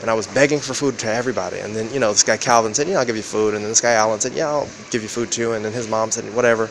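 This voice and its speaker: A man vlogging in a rambling, profane monologue, acting out quoted exchanges with sudden jumps in pitch. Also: fairly even intonation, very fast, a little hiss or hum. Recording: loud background ambience.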